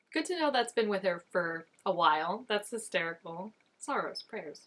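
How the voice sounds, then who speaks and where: A woman's voice: mid-range voice, lively intonation, measured pace, a bit bright. A young woman hosting a reaction video, chatting casually and gushing over each scene, with lots of "like" fillers. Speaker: reaction channel host.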